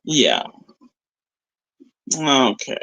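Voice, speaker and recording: A young woman live streamer in casual chat, animated and talkative, switching between low mutters and loud outbursts. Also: extremely slow, low-quality recording. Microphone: phone.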